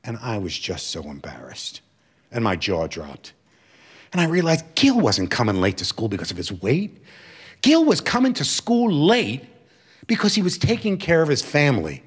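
Man, storytelling, lively swooping pitch, slightly high voice, acts out voices. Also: moderate pace, husky. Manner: animated, acting out quoted voices. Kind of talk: personal storytelling talk.

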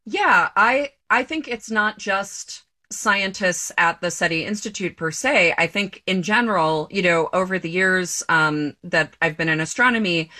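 A woman astronomer answering interview questions in a relaxed, conversational way, with fillers and some laughter. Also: on the low side. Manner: laughs while talking, many fillers. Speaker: astronomer guest.

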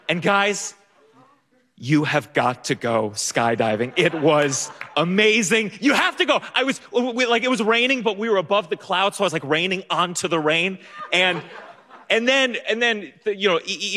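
A man's voice: high-pitched, sharp tone, slight background noise. A young man telling a personal story on stage, nervous and self-mocking, with many restarts and laughs. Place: stage before an audience. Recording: long stage reverb.

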